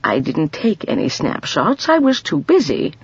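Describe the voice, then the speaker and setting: Casting: a woman playing a cheerful older grandmother, gentle but firm, lively husky voice, slightly muffled audiobook recording. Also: deep voice, moderate pace, no echo, exaggerated voice. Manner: gentle, firm, warmly amused.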